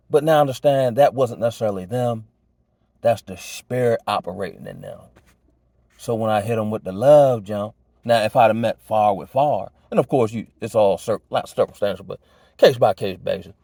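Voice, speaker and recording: A man's voice: mid-range voice, mellow, dry recording. A man giving life advice in a casual monologue, laid-back and slang-heavy, often checking in with "you know what I'm saying". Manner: reflective and earnest. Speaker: vlogger sharing life advice.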